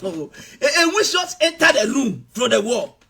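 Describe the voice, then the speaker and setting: A man preaching a sermon, swinging between loud shouted passages and quiet asides. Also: extremely high pitch, very animated, moderate pace, gravelly, slightly rough. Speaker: pastor.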